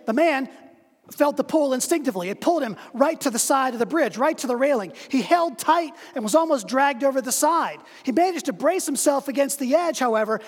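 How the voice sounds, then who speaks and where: A preacher telling a parable as part of a sermon, with slow, dramatic pauses and a voice that drops low at the ends of lines. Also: breathy edge, long reverb tail. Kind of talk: sermon storytelling.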